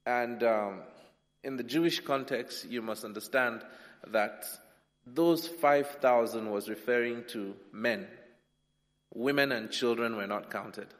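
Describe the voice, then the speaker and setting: A man from Nigeria, preaching a sermon with humour, swinging between loud and soft. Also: medium pitch, slow pace. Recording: long hall reverb.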